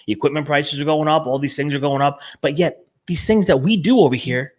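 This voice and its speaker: A man's voice: on the high side, a little fast. A man with a New Jersey accent hosting a casual live show, talking with energy and emphasis and often repeating words. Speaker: show host.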